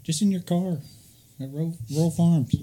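Husky, mellow man with a lively voice. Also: a little high, moderate pace, low-quality recording. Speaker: podcast co-host. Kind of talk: casual banter.

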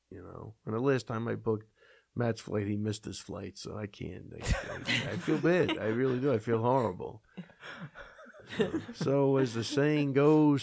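A man, a coach who co-hosts the show, talking in a relaxed, joking casual chat. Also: lowish voice, gravelly, breathy edge. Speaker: coach and co-host.

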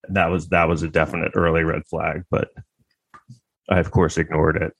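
A man's voice: very deep voice, flat delivery, moderate pace, a bit bright, husky, no room sound. A man delivering a rambling, crude, sarcastic comedic monologue.

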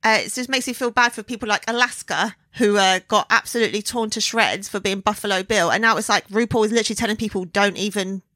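A woman's voice: mid-range voice, quick pace, hardly any pauses, sharp tone, no room sound. A young woman co-hosting a podcast, chatting casually and giving frank, opinionated takes, with some swearing. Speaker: podcast co-host. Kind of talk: casual chat.

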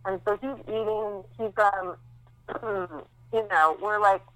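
A woman's voice: mid-range voice, slow pace, dry recording, poor audio. A woman in her thirties, a podcast co-host recovering after childbirth, telling stories in a candid, chatty way with many fillers. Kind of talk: casual chat.

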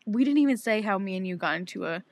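A young woman in her twenties co-hosting a podcast, telling a story in casual, animated chat with lots of swearing and acted-out quotes. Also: mid-range voice, quick pace, dry recording. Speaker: podcast co-host.

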